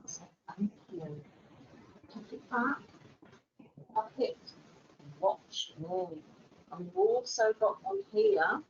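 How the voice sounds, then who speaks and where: Slow, lively-voiced woman teaching. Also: on the high side, muffled recording, slight background noise. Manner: gentle, animated, with playful voices. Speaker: early years practitioner. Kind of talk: instructional demonstration.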